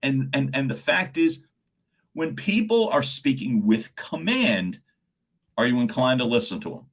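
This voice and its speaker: Male coach on a livestream: an animated, rambling talker who calls out viewers by name and trips over repeated words. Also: medium pitch, a little slow. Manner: animated, answers viewers' chat comments by name; stumbles and repeats words when excited. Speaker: communication coach.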